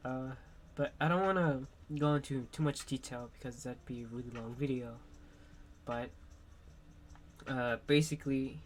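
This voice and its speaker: A young man, sick at the moment, talking frankly and haltingly in a personal vlog monologue as a streamer. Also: medium pitch, a little hiss or hum.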